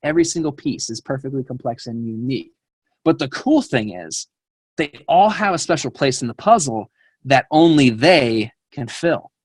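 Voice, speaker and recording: A young man, a fitness coach, telling a rambling, animated story on a team call. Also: mid-range voice, dry recording.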